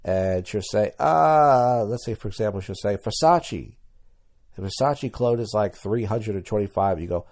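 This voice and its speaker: A man's voice: fairly low pitch, animated, normal speed, a little mellow. A young adult man hosting a podcast, telling crude, rambling comedic stories and mimicking people he quotes. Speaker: podcast host. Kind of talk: comedic monologue.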